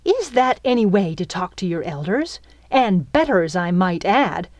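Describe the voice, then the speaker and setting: A greedy young pirate captain with a steel claw, sneering and snarling in old-fashioned pirate talk, loud and pushy. A woman puts him on in a storybook reading. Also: lowish voice, sing-song, unhurried, no room sound. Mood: mocking.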